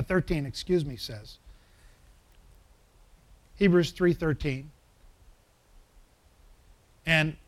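With a voice on the high side, a pastor preaches a sermon that builds to emphatic swells. He checks in with the congregation by asking them questions.

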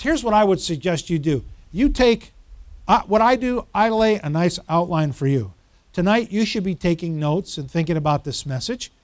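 Male pastor, high voice, fervent preacher who builds to loud exhortation. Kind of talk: sermon.

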